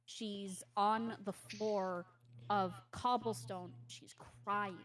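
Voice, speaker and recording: A woman narrating a tabletop game as game master, pausing often with filler sounds. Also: mid-range voice, steady tone. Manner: hesitant, with many filler sounds.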